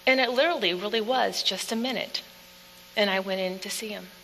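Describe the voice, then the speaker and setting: A woman giving an earnest personal testimony speech in plain storytelling, dropping to quiet passages. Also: mid-range voice, brisk. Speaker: speaker telling her own story. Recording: echoey hall with faint hum.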